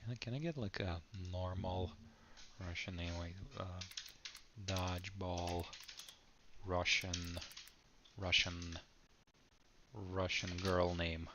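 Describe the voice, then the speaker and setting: A man's voice: low voice, fairly even intonation, takes it slowly, pauses often, dull audio, heavy background noise. A man reading an AI game prompt aloud, stumbling and laughing as he comments. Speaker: video creator.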